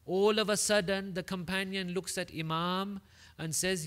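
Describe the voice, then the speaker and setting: Impassioned male preacher, raised pitch. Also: steady tone, unhurried, a bit bright. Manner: impassioned narration, rising to wailing climaxes; quotes Arabic in recitation. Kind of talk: Muharram mourning sermon.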